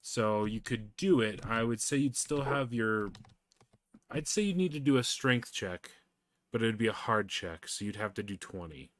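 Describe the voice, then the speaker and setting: A man narrating as game master in a relaxed, storytelling way. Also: lowish voice, moderate pace, dry recording.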